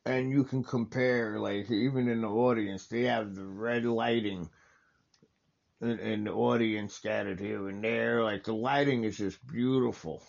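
A man's voice: on the low side, steady tone, unhurried, gravelly, muffled recording. A man hosting a casual wrestling watch-along, talking over the match in a rambling, enthusiastic way and correcting himself often.

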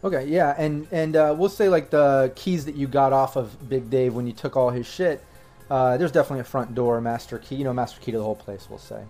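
A man running a tabletop role-playing game as game master, narrating casually and slipping into quick voices for the people in the scene. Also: medium pitch, steady tone, warm tone, faint music behind. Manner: casual, puts on quick gruff voices for townsfolk.

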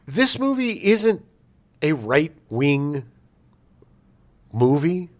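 A man co-hosting a podcast in casual chat, emphatic and quick to act out scenes. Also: fairly high pitch. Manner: animated, emphatic, acts out scenes. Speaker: podcast co-host.

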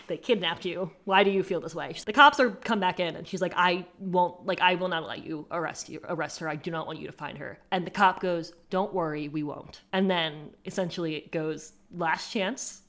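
A woman with a somewhat low voice co-hosts a casual true-crime podcast. She tells the story with gusto. She slips into the voices of the people in the case, and she swears freely. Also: moderate pace, hardly any pauses. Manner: animated storytelling, acting out quotes, profane. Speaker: podcast co-host.

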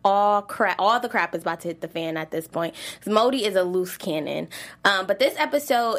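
A woman hosting a casual TV recap chat, lively and chatty, teasing with slang and laughing often. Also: medium pitch. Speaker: host.

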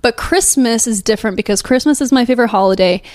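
Young woman, podcast co-host, casual chat, upbeat, rambling, slightly high voice. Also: fast talker, darkish tone, no room sound, studio quality. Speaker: podcast co-host, professional dancer. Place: home living room.

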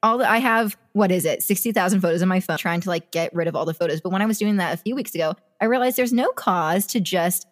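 Fast-talking young woman podcast co-host. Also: on the low side. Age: 20s. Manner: fast-talking, laughs often, reflective. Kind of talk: casual chat.

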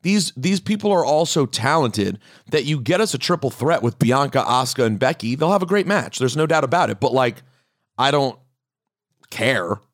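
A man co-hosting a podcast, chatting casually about wrestling in a blunt, opinionated, animated way with emphatic repeats. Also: mid-range voice, moderate pace. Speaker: podcast co-host.

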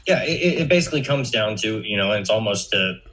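A man's voice: lowish voice, lively intonation, fast, fairly bright tone, poor audio. A man talking as a guest in a casual podcast chat, loose and profane, his sentences padded with "you know" fillers.

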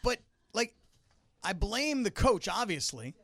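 A man's voice: high-pitched, very animated, slow pace, sharp tone, dry recording. A man co-hosting a sports talk show, talking casually and animatedly, acting out quotes with frequent restarts. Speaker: sports radio co-host.

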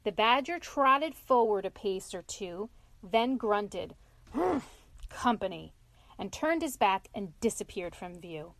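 A woman narrating a classic animal storybook in a gentle, measured reading. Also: medium pitch, expressive, dry recording.

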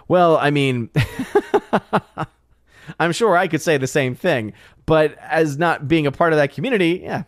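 A man's voice: a little high, no echo, clean studio sound. Chatty man hosting a livestream. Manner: rambling, halting restarts, chatty. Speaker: livestream host. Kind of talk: casual chat, reading live comments.

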